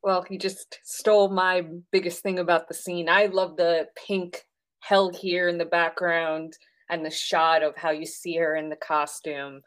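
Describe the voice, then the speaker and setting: Low-voiced woman gushing about a film. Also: little pitch movement, unhurried. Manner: enthusiastic, gushing with fillers. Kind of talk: casual film discussion.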